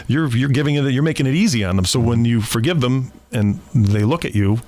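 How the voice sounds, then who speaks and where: A man being interviewed as a guest, speaking reflectively and haltingly, often restarting his phrases. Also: mid-range voice, animated, darkish tone. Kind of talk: conversational interview.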